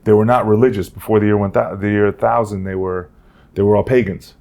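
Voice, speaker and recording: Gravelly low-voiced man chatting. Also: fairly even intonation, quick pace, a little mellow. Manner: rambling, jokey, lectures on history trivia. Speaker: podcast co-host. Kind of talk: casual comedic chat.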